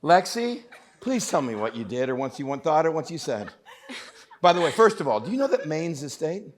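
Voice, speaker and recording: Animated, high-voiced pastor from West Texas. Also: male voice, fairly quick. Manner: storytelling with self-mocking humor, often laughing. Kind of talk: interactive sermon to a young adult crowd. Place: church meeting hall.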